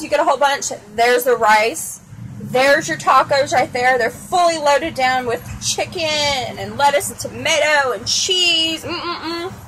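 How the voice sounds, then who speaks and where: Chatty Texan woman, high voice, outdoors. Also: fairly bright tone. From Texas. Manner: chatty and frank, with mild cursing. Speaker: mukbang vlogger. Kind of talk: casual mukbang vlog. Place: outdoors at a cafe table, windy. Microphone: phone camera. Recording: noisy outdoor phone recording.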